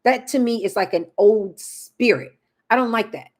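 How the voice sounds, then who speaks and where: A woman's voice: medium pitch, moderate pace, a little mellow. A woman talking casually to camera in a vlog, chatty and emphatic, often turning to address her viewers directly. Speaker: lifestyle vlogger.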